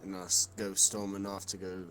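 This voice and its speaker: A man's voice: low voice, completely flat delivery, a little fast, a bit bright, a little hiss or hum. A man playing a tabletop game, talking in a hesitant, casual way. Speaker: player. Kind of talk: casual tabletop role-play.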